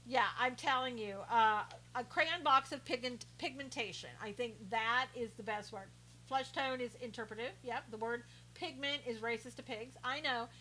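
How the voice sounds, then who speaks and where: A woman's voice: on the high side, moderate pace, bright, forceful tone, a little hiss or hum, low-quality recording. A woman hosting a live stream, chatting casually and sarcastically as she reads out viewer comments, often laughing.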